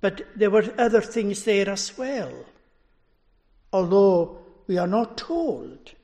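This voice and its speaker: A man preaching a sermon in a measured way, letting his voice fall at the end of phrases. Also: animated, creaky, darkish tone. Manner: slow, measured delivery, dropping low at phrase ends.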